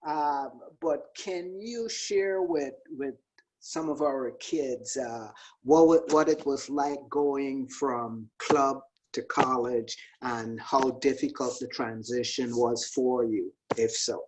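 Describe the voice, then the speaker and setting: Halting male youth soccer coach. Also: medium pitch, low-quality recording. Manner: halting, with many fillers and repeated words. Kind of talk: casual video-call interview. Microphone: video call.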